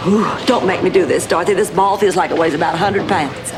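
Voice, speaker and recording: A woman's voice: lowish voice, fast, close to an everyday voice. An actress playing a dramatic, indignant middle-aged woman in a sitcom. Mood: whiny. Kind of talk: sitcom acting. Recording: hissy old TV recording.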